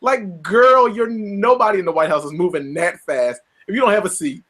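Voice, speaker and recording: A man co-hosting a casual talk show, animated and quick to mimic others in quotes. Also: high voice. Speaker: podcast co-host. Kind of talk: casual chat.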